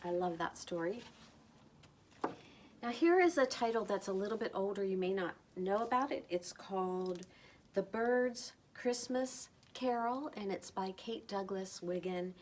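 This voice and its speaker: A middle-aged woman talking casually about books she loves, gentle and enthusiastic, lingering over her words. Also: medium pitch, a little slow, slight background noise. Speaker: book vlogger. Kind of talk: casual recommendation talk.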